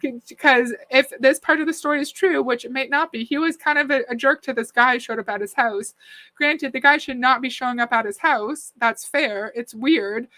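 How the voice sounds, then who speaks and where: A woman hosts a reaction commentary, reading out viewer comments and chatting skeptically, often laughing. Her voice is high-pitched, pushed and bright, at a moderate pace.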